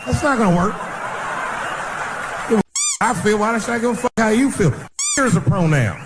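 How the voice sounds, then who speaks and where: Male stand-up comic, animated conversational delivery with a mid-range voice, noisy live room. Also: normal speed. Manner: conversational storytelling with sudden swoops in pitch. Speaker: stand-up comedian. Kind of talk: stand-up comedy routine. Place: comedy stage before a live audience.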